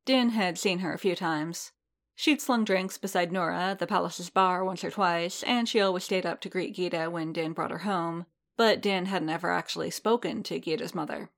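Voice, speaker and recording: A woman reading a story aloud in a measured, steady narrating manner. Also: on the low side, creaky.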